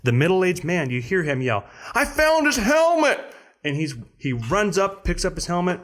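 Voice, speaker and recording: A man on a podcast telling a story in casual chat, acting out other people with sudden high voices. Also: lively intonation, normal speed. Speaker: podcast co-host.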